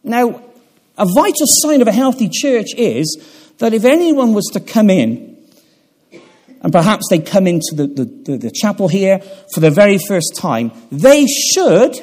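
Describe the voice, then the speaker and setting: Pastor preaching, lively pitch, slow. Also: male voice, slightly rough. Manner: measured delivery with pauses and fillers, swelling for emphasis. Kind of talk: sermon. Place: chapel.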